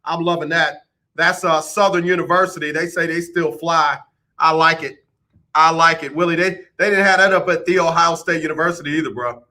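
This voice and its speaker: A man's voice: on the high side, moderate pace, pushed and bright. A man hosting a radio show, chatting playfully about sports and teasing listeners by name. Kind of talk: casual sports radio talk.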